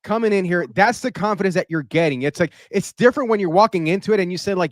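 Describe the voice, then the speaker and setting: A man hosts a podcast interview, talking with hype-driven energy. His voice sits a touch high. The sound is dry and close. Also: fast talker, few pauses, dry recording. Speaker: podcast host.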